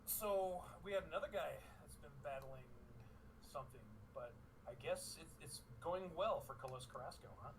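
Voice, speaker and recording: Sports podcast cohost dude, chatty, keeps asking questions, noisy recording. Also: male voice, on the high side, normal speed. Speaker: podcast co-host. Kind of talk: casual sports chat.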